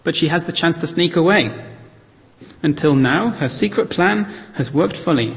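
Male preacher, mid-pitched, earnest and reflective, slows for emphasis; long hall reverb. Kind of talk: sermon with scripture reading.

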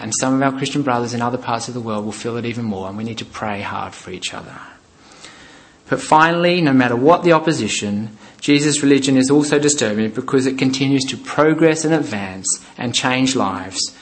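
A man in a mid-range voice preaches with earnest, emphatic conviction. He presses his points firmly, then eases into a soft, quiet tone for the closing prayer. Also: medium pitch, low-quality recording. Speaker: pastor.

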